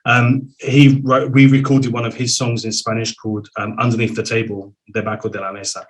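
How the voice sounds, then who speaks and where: A man hosting an interview show, telling stories in a lively, animated way. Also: medium pitch, fairly quick, rough recording. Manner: animated storyteller, voice swings up with excitement. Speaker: show host and singer. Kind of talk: casual video-call interview.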